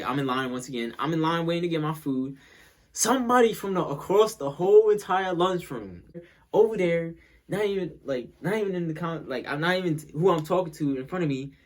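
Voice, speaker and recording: A young man telling a casual storytime, rambling and repeating himself as he acts out what people said. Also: medium pitch.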